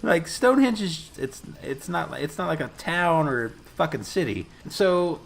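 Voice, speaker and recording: Lively, profane male podcast host. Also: fairly high pitch, normal speed, gravelly. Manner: profane, laughing, acts out film lines. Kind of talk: casual movie recap chat.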